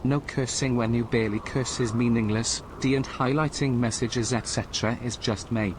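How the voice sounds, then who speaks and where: A male text-to-speech voice reading out viewer chat messages in a flat, even way. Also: medium pitch, moderate pace. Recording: noisy stream audio.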